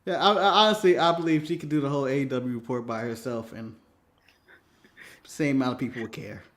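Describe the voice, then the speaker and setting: An American man co-hosting a casual podcast, excitable and profane, laughing often and acting out quotes. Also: medium pitch, brisk. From United States. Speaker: podcast co-host. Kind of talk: casual wrestling podcast chat.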